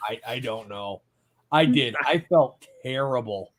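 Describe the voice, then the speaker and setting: A man's voice: mid-range voice, unhurried. A man hosting a casual live talk show, telling a funny story with lots of laughter. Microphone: own mic at home.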